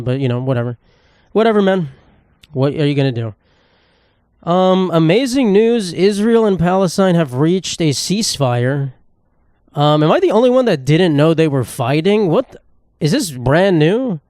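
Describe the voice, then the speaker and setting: A man's voice: on the high side, lively intonation, brisk, a little mellow, no room sound, clean studio sound. Sarcastic New guy ranting. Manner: profane, sarcastic, rambling. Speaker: podcast host. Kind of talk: solo comedic podcast rant.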